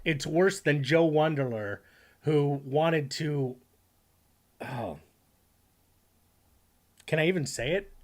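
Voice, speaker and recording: A man's voice: on the high side, slow pace, long pauses, darkish tone. A man streaming live, reacting to clips with rambling, profane commentary and reading chat aloud.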